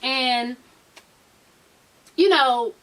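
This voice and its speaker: A woman's voice: high-pitched, very slow, a bit bright, distant mic. A woman with a Southern US accent recapping a reality TV episode in a blunt, profane, sassy manner. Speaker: TV recap vlogger.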